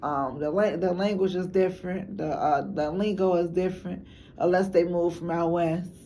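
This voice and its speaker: A woman's voice: fairly low pitch, steady tone, normal speed, warm tone, a little hiss or hum. A woman from Chicago with a Chicago accent, talking frankly and loosely in slang for a documentary. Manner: rambling, slangy, frank, laughs often. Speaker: documentary interviewee. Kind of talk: casual talk to camera.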